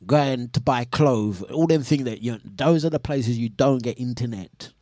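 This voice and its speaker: A man's voice: mid-range voice, moderate pace, darkish tone, dry recording, studio quality. A man hosting a casual breakfast radio show, chatty and indignant, laughing often as he reads out complaints.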